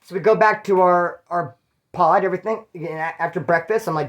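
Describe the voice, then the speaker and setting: Fast-talking, profane California man telling stories. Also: high-pitched. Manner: rambling, profane, street slang. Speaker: channel host telling prison stories. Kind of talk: casual storytelling.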